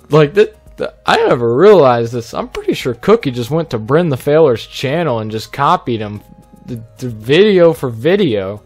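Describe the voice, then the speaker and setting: A man's voice: mid-range voice, expressive, a little slow, no echo, soft background music. A man giving casual off-the-cuff commentary as he ranks fellow YouTubers, joking, stammering through restarts and tagging lines with "okay?". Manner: rambling, joking, repeats "okay?" often. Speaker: YouTuber ranking fellow creators.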